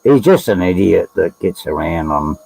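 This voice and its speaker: A man with an Australian accent chatting casually on a livestream, blunt and quick to swear. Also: low-pitched, expressive, vocal fry, a little mellow, a little hiss or hum, low-quality recording. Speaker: livestream guest. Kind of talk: casual chat.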